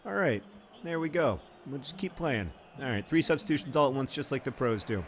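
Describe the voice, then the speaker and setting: A man hosting an advice segment while playing a football manager game, rambling and halting when reflective and bursting into loud, frustrated outbursts at the match. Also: medium pitch, expressive, slight background noise. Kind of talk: casual commentary over gameplay.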